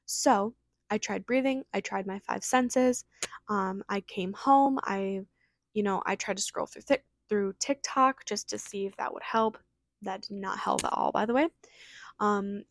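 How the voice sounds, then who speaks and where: Young woman, solo podcast host; fast, filler-heavy casual chat; dry close mic, mid pitch. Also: dry recording. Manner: fast, chatty, lots of fillers.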